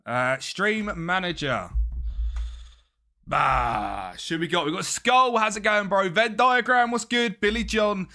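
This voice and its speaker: A man's voice: sits high, lively intonation, slow pace, bright, forceful tone. A young man, chatting casually with his live-stream chat and greeting viewers by name.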